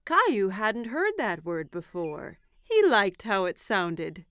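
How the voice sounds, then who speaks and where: Expressive woman narrating a children's cartoon. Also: medium pitch, slow pace, soft background music. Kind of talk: scripted storybook narration.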